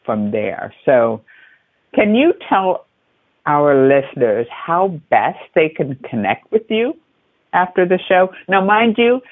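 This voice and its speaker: A man hosting a podcast interview, effusive and emphatic, piling on warm praise for his guest. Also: fairly high pitch, big pitch swings, takes it slowly, no room sound. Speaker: podcast host. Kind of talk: conversational interview. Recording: thin phone-like line, dry.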